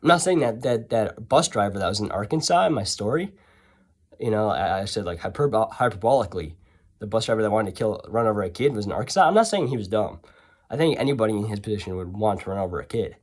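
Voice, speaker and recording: A man tells a story in a loose, rambling style, full of sarcastic asides and self-corrections. His pitch swings widely as he talks. He sounds offhand and unscripted. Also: expressive, fast talker, a little mellow. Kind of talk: casual storytelling.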